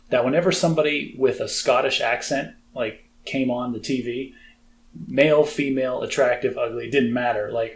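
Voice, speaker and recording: A man's voice: mid-range voice, a little hiss or hum. Chatty American man, podcast co-host. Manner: chatty, self-deprecating, frequent fillers. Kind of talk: casual chat.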